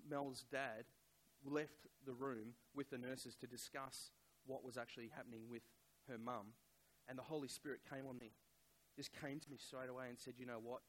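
Poor audio captures a middle-aged preacher with a medium-pitched voice. During his sermon he relates something from his own life, speaking conversationally but haltingly and leaning on lots of fillers.

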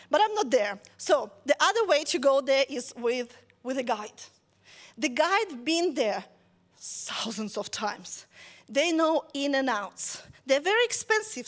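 A woman preaching a conversational sermon, telling a story lively and checking in with listeners as she goes. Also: high-pitched.

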